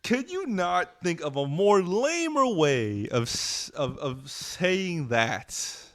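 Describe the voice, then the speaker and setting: A man's voice: high-pitched, sing-song, slow, fairly bright tone. A male streamer doing music reaction commentary, blunt, profane and mocking.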